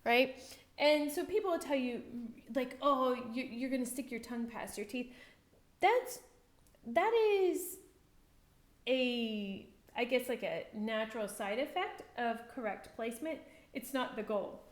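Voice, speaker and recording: Woman, slightly high voice, unhurried and chatty, drilling sounds in a casual lesson. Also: lively intonation. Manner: chatty, self-interrupting, demonstrates sounds slowly. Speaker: language learner teaching pronunciation.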